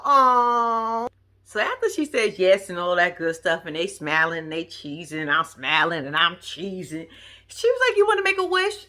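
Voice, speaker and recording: A woman with giving a slangy, animated casual recap of a reality show, acting out the quotes. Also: mid-range voice.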